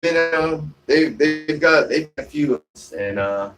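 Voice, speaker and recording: A man's voice: medium pitch, moderate pace, fairly bright tone, faint music behind. A man live-streaming from his shaded porch, chatting casually and reading out viewer comments, rambling with many fillers and restarts. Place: outdoors on a shaded home porch.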